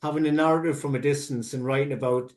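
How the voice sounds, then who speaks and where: A man co-hosting a casual music podcast, giving long, rambling, animated explanations full of asides. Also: medium pitch, fast. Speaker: podcast co-host. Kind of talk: casual music review chat.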